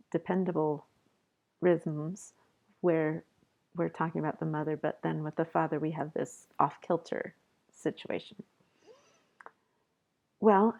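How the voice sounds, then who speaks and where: A middle-aged woman professor giving a measured, explanatory poetry lecture and reading a poem aloud. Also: low-pitched, vocal fry, a little mellow, dull audio. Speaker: college professor.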